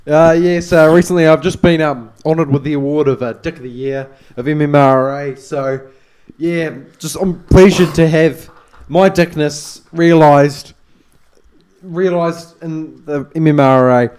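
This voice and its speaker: A man's voice: on the high side, unhurried, a little mellow, clean tone. A man joining sports commentary as the social media presenter, hesitant and jokey, full of fillers. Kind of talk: comedic banter.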